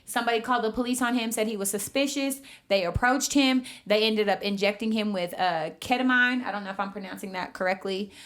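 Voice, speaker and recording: A woman's voice: medium pitch, fast talker, hardly any pauses, fairly bright tone. A woman co-hosting a casual podcast, earnestly recounting a news story in detail. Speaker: podcast co-host. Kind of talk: casual discussion.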